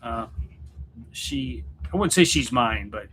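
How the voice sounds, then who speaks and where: Bright-voiced man rambling on a livestream. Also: medium pitch, expressive, slow pace, a little hiss or hum. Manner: rambling, self-interrupting, joking. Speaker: YouTube channel host and musician. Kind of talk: casual livestream chat. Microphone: computer setup at home.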